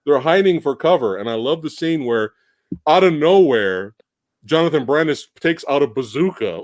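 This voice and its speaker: High, lively man reviewing a movie. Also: moderate pace, no echo. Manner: animated, swearing, acts out scenes with shouted quotes. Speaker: podcast host. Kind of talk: casual movie review chat.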